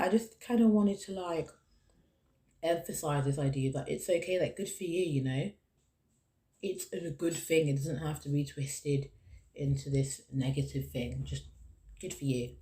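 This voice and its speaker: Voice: medium pitch, normal speed, mellow. A podcast host talking alone, earnest and encouraging, who keeps repeating the key phrases to stress a point. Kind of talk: solo podcast monologue.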